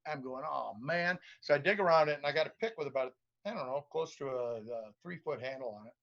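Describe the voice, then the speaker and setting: A man's voice: medium pitch, quick pace. A man, a gold prospector, telling a story casually over a video call and acting out the voices and sounds. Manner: animated storyteller who acts out voices and sounds. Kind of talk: casual storytelling on a live stream. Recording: muffled lo-fi stream audio.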